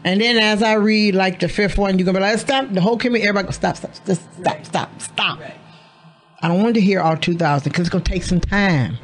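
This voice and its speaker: A woman's voice: mid-range voice, rapid-fire, hardly any pauses, soft background music. A woman radio host talking in a studio, explaining emphatically and acting out quoted dialogue. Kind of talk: casual radio conversation.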